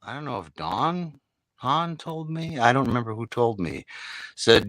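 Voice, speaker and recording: A man's voice: mid-range voice, very animated, measured pace, a bit bright, dry recording, rough recording. A man who does voice work, telling anecdotes in a casual reunion chat from his home studio, with frequent restarts. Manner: anecdotal, many restarts, slips into impressions. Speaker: voice actor guest. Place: home recording setup. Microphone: home studio microphone.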